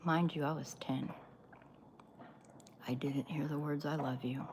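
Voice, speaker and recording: A woman telling a personal story on a livestream in an earnest, emphatic way, pausing often. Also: low-pitched, fairly even intonation, background noise. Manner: earnest, emphatic, with many pauses. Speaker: livestream host.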